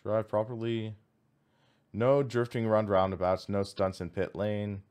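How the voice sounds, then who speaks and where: A man's voice: fairly low pitch, little pitch movement, measured pace, darkish tone, clear, resonant tone. A man streaming a racing sim, thinking aloud as he reads out menu items and chats with viewers. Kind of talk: casual live-stream commentary.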